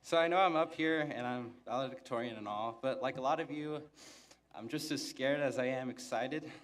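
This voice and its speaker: A young man speaking from a podium as valedictorian, with a monotone delivery and deadpan, self-mocking humor. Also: mid-range voice, normal speed. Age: young adult. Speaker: valedictorian giving a graduation speech. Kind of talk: graduation speech. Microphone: podium microphone.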